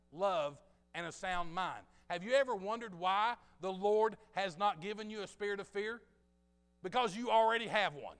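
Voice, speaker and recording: A man's voice: high-pitched, a bit bright, smooth. A man preaching a sermon in a chatty, joking way, talking straight to the congregation in a church. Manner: conversational, jokey preaching with asides to the congregation. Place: church sanctuary. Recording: long hall reverb.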